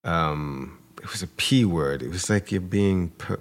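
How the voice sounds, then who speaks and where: A man's voice: low voice, unhurried. A man co-hosting a podcast, animatedly retelling a dispute with a neighbor and acting out both sides. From New York area. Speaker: podcast co-host. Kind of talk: storytelling in casual chat.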